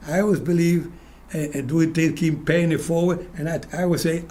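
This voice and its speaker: A man's voice: fairly high pitch, fairly even intonation, fairly quick, darkish tone. An older man hosting a talk show, chatting casually with his guest and telling long anecdotes, often repeating his words as he goes. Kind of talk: casual interview chat with anecdotes.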